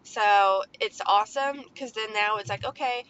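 A woman in her thirties hosts a podcast about parenting, rambling casually with lots of fillers in a medium-pitched, fairly bright voice at a moderate pace. The lo-fi recording sounds slightly dull, with faint background noise.

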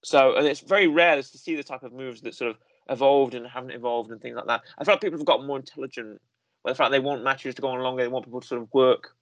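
A man co-hosting a wrestling review show, telling stories in a rambling, animated way with lots of repetition. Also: medium pitch, fast, no room sound, highs cut off. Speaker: podcast co-host. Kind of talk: casual chat.

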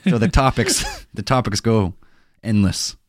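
A man co-hosting and editing a casual podcast, easygoing and quick to laugh. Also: fairly low pitch, expressive, no room sound, clean studio sound. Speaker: podcast co-host and editor.

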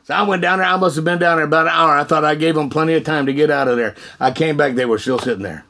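A man telling his testimony in an animated, folksy way, often laughing and repeating words. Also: fairly high pitch, rapid-fire, slight background noise. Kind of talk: animated storytelling.

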